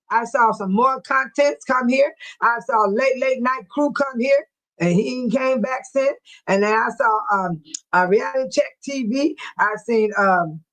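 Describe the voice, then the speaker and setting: A woman's voice: on the high side, a bit bright, rough recording. A middle-aged woman hosting a casual livestream, chatting and teasing her viewers by name. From Dolton, Illinois area. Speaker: livestream host. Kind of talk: casual livestream chat reading viewer comments.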